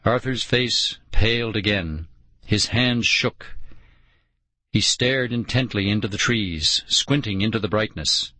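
Male audiobook narrator, measured and unhurried; dry, close sound. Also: lowish voice, pushed and bright, dry recording. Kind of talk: scripted first-person narration.

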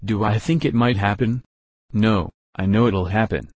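A man's voice: fairly low pitch, normal speed, dry recording, lightly acted. A man voicing a blunt state investigator speaking urgently over the phone.

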